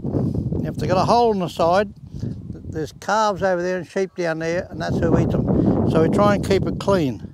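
A man's voice: high-pitched, background noise. A man, casually showing a home garden in a plain-spoken, folksy way and using rural sayings. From Australia. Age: 80s. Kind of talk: casual demonstration. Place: outdoors in a garden.

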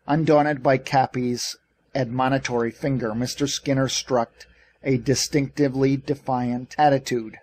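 In a mid-range voice, a man reads scripted audiobook narration, telling the story with measured, expressive delivery.

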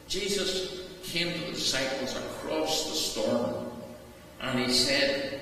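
A man, a rector, preaching a sermon in a measured, emphatic way, with repeated refrains. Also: mid-range voice, expressive, sharp tone. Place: large stone church. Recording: echoey church from far off.

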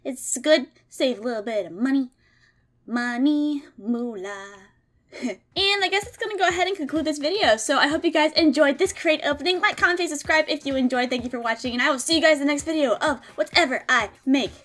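A woman, chatting excitedly and giggling as she unboxes items in a casual vlog. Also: high-pitched, quick pace. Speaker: gaming content creator.

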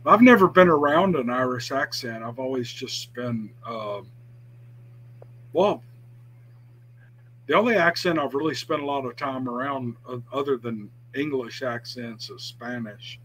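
A man's voice: mid-range voice, animated, measured pace, fairly bright tone, a little hiss or hum, low-quality recording. A man chatting casually on a podcast, talking about doing character voices with some self-doubt. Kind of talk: casual chat.

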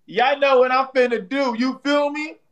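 In a very high-pitched voice with fairly even intonation and normal speed, a male livestream host teases his audience and a rival in playful trash talk. He leans on slang, repeats himself, and keeps ending lines with "bro."

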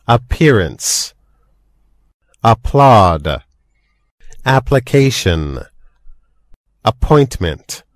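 A man slowly reading a list of single vocabulary words aloud for learners, one word at a time with long pauses. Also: fairly low pitch, a bit bright, dry recording. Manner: reads single words with long pauses, each carefully pronounced. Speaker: vocabulary reader.

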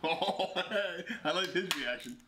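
Teasing male co-host, high lively voice, noisy recording from a distant mic. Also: takes it slowly. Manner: teasing, joking. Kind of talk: casual chat. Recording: loud background noise, distant mic.

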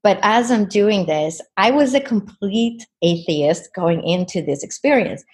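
A woman's voice: medium pitch, lively intonation, unhurried, darkish tone. A woman guest in an interview, earnestly retelling a personal experience with many "you know"s. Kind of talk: personal storytelling.

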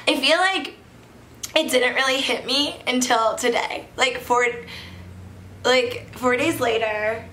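A giddy young woman in her twenties rambles happily to camera, her fairly high, bright voice tumbling through fillers and laughs. She sounds like she is in an echoey room with a faint hiss behind her. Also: takes it slowly. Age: 20s. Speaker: wine review vlogger. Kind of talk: casual vlog chat.

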